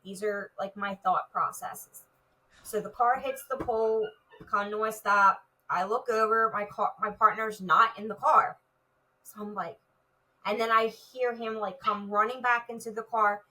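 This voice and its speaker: A woman with a bright, forceful voice tells a personal story as a guest on an interview show. She speaks vividly, filling her sentences with "like." Her voice sits a little back from the microphone. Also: mid-range voice, steady tone, normal speed, distant mic, low-quality recording. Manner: vivid retelling with many "like" fillers. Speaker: retired police officer, guest.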